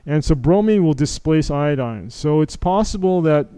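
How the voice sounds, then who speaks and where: A man's voice: a little high, lively intonation, moderate pace, dark tone, smooth, dry recording. A middle-aged man giving an informal medical lecture as a physician, talking conversationally, acting out patient exchanges and checking in with "okay?" and "right?". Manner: conversational, acts out patient dialogues, frequent "okay?" and "right?" tags.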